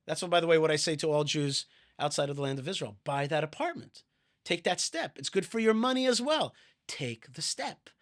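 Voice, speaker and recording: Male interview guest, slightly high, bright and forceful delivery, emphatic, keeps repeating his points. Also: animated, brisk. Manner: emphatic, repetitive, exhorting. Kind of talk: animated interview answers.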